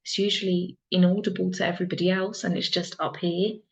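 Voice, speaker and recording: A woman mentor talking in an earnest, reflective monologue, soft-spoken and repeating phrases for emphasis. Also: fairly low pitch, level tone, fast, creaky. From England. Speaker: soul mentor. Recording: dull lo-fi sound.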